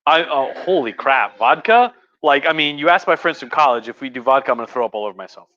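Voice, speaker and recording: A man's voice: medium pitch, animated, fast talker. A man who is a history professor, tipsy on wine, telling history in a rambling, jokey way with many restarts on a livestream. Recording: slightly muffled livestream audio.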